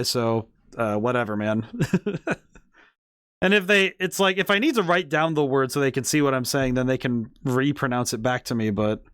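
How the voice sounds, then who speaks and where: A man's voice: fairly high pitch, a bit bright, smooth, no room sound. A man streaming a game, chatting casually and thinking aloud in a rambling way. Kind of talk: casual gameplay commentary. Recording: game music playing underneath.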